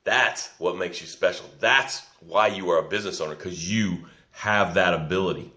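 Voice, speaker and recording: A man's voice: sits low, normal speed, sharp tone. A man hosting a live business coaching broadcast, reading out viewer comments and encouraging them with folksy repetition. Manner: encouraging, folksy, repeats key lines for emphasis. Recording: echoey room.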